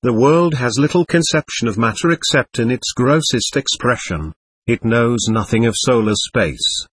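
A man narrating an audiobook in a measured, even reading style. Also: medium pitch, husky, dry recording.

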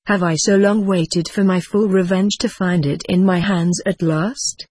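A reader voicing a vengeful, scheming queen in an audiobook, in slow, archaic, brooding speech. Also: mid-range voice, fairly even intonation, a little mellow, breathy edge, dry recording. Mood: bitter. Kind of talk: audiobook character reading.

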